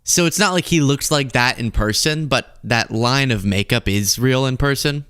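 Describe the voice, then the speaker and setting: A man hosting a political commentary show, sarcastic and animated. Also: mid-range voice, normal speed, clear, resonant tone, no echo, clean studio sound. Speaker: host.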